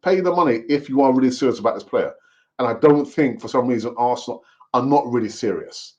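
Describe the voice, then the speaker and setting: A man hosting a casual live football fan stream, talking in an animated, repetitive, rambling way. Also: mid-range voice, fast talker, highs cut off. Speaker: football fan channel host.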